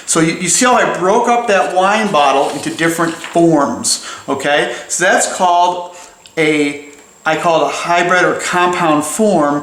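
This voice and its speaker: A man's voice: fairly high pitch, a bit bright, reverberant, rough recording. Playful chatty man teaching drawing. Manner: playful, chatty, jokey asides. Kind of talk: casual drawing lesson while sketching.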